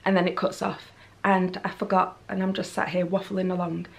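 A woman's voice: lowish voice, level tone, moderate pace, gravelly. Chatty woman vlogging at home. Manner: rambling, chatty, self-deprecating. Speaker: lifestyle vlogger. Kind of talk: casual talk to camera. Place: at home, indoors. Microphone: handheld camera mic.

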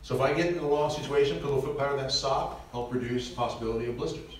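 A man's voice: mid-range voice, very fast, a little hiss or hum. A middle-aged man from Nebraska speaking casually to a parish audience, joking and chatty with lots of asides. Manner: conversational, joking, with frequent asides and chuckles. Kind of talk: casual talk to a church audience. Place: large church. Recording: echoey church from far off.

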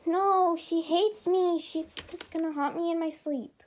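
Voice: extremely high pitch, fairly even intonation, unhurried, darkish tone, slight background noise, voice pushed up. A young female performer voicing a timid girl doll who whines and pleads in a toy role-play. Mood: whiny. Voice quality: whiny, pleading.

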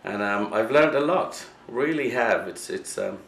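A man with an Irish accent playing Jesus as a rambling, halting father being interviewed on a reality show, in a comedic film. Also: on the low side, animated, gravelly, a bit bright, roomy sound, slight background noise, full character voice. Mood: earnest. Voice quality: halting, rambling, full of restarts. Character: Jesus as a rambling middle-aged dad.

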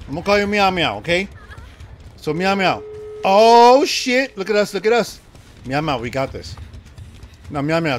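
A man with a slightly high, fairly bright voice streams a horror game live, with a little hiss or hum in the audio. He chats with viewers, swears casually, and is jumpy, yelping and laughing at the scares.

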